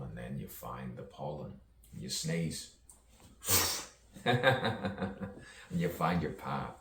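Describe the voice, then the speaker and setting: A man with a very low, deep voice drifts through a slow, free-associating monologue, playing with rhymes and chuckling at his own lines. He sounds like he's sitting well back from the mic in an echoey room, with a faint hum of background noise. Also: creaky, fairly bright tone, distant mic. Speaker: poet. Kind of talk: rambling stream-of-consciousness monologue.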